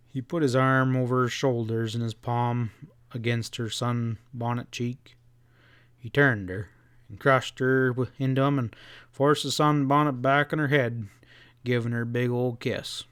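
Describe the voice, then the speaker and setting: A man reading a western novel aloud as an audiobook narrator, in a steady storytelling read. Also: mid-range voice, a little slow, clear, resonant tone, no room sound, clean studio sound. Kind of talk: scripted narration.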